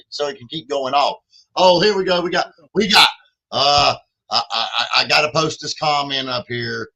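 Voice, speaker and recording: A man's voice: on the high side, bright, forceful tone, poor audio. A man, co-hosting a livestream and hyping donations, repeating phrases and calling himself in the third person. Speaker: podcast co-host. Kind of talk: lively livestream fundraising chat.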